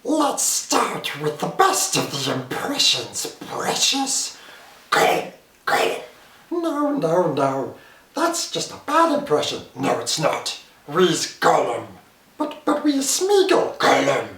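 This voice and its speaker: Gollum, hissing and split. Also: male voice, wildly swooping pitch, slow pace, fairly bright tone, full character voice. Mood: bickering. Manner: hissing, swings between gravelly low and whiny high. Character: wretched hissing creature, split personality. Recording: echoey room, far from mic.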